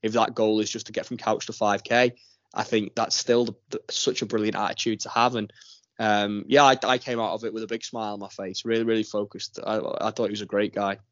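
A man's voice: lowish voice, little pitch movement, fairly quick, fairly bright tone, no echo, lo-fi sound. A man hosting a casual podcast, chatty and teasing, enthusiastic when praising a guest. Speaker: podcast host.

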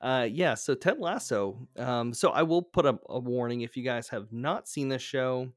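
A man's voice: mid-range voice, normal speed, dry recording, clean studio sound. A man from the American South with a Southern accent, co-hosting a podcast in easygoing chat, laughing often and restarting his sentences. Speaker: podcast co-host.

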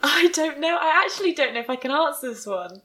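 A young woman co-hosting a casual podcast chat, giggly, chatty and animated. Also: sits high, fast talker, low-quality recording. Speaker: podcast co-host.

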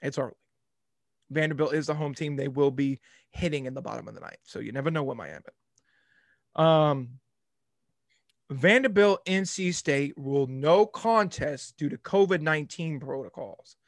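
A young man hosting a sports podcast, telling a rambling, animated story in casual talk. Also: on the high side, normal speed, no room sound, clean studio sound.

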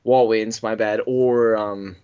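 A man's voice: lowish voice, steady tone, slow pace, smooth. A man co-hosting a casual wrestling podcast, rambling through his predictions with restarts and easy laughs. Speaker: podcast co-host. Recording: dull lo-fi call audio.

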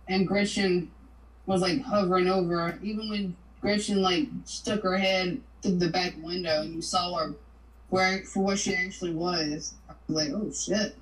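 A woman co-hosting a podcast, talking about a horror film bluntly and casually, with some swearing. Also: fairly low pitch. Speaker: podcast co-host. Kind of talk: casual chat. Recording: echoey room.

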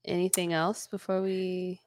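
A young woman co-hosting a podcast, chatting casually with quick, lively reactions. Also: on the low side, slight background noise. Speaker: podcast co-host. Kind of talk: casual chat.

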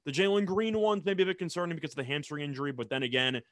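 A young man co-hosting a sports talk show, measured and analytical in his takes. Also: fairly high pitch, fairly even intonation, fairly bright tone, dry recording, studio quality.

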